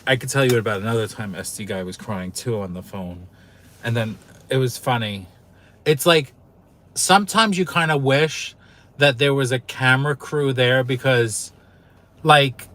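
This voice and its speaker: A man's voice: medium pitch, fairly bright tone. A man hosting his own channel, telling a personal story in a casual, candid way, emotional and swearing freely. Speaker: YouTube channel host.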